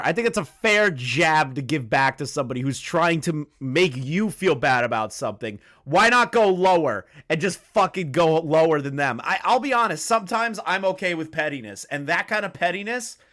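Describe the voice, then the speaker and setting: A man's voice: on the high side, expressive, normal speed, sharp tone. A man hosting a drama commentary video, reacting bluntly and with a lot of swearing. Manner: blunt and profane, with frequent restarts. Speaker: commentary channel host.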